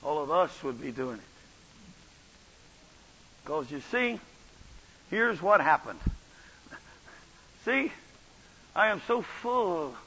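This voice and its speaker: A man preaching a revival sermon, swinging from soft asides to shouted runs. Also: fairly high pitch, big pitch swings, slow pace, long pauses, breathy edge, dull audio. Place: church.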